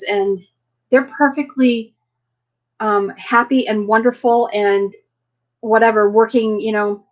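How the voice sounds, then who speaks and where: A woman's voice: medium pitch, low-quality recording. A woman hosting a casual live chat, rambling through personal stories and laughing often between sentences. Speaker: livestream host.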